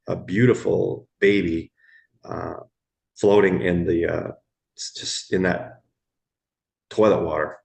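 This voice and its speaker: A middle-aged man, telling stories from his years as an emergency room medic in a podcast interview, slow and halting, repeating words as he goes. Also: sits low, fairly even intonation, gravelly, darkish tone. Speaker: guest, former ER medic.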